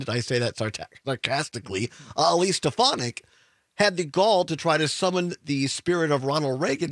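Male radio host, political commentary, sarcastic, chuckling, fairly high voice, dry studio sound. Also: fairly bright tone, dry recording. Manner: sarcastic, chuckling asides, many restarts. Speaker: radio talk show host.

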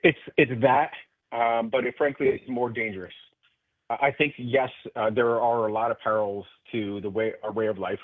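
A man's voice: mid-range voice, steady tone, moderate pace, no room sound. A man speaking as a guest in a radio interview by phone, passionate and earnest, with many restarts. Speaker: political guest. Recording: tinny phone line.

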